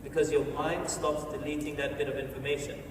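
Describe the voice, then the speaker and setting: High-voiced man, energetic stage speaker. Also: fairly quick, noisy background. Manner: energetic, playful, gives the audience instructions. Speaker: motivational speaker. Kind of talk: stage talk. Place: large hall with an audience. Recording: echoey hall from far off, faint ambience.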